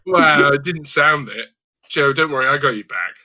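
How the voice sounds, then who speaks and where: A man's voice: fairly high pitch, lively intonation, moderate pace, sharp tone. A young man co-hosting a casual album review chat, teasing and pushing the others along. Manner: teasing, pushy, bossy with the others. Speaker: podcast co-host reviewing albums. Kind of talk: casual banter.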